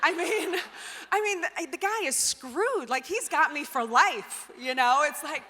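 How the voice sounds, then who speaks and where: A woman telling a story in a keynote speech, chatty and animated, full of "like" and "you know". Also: high-pitched, measured pace. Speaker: conference speaker. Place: conference hall stage. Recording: large hall with long reverb.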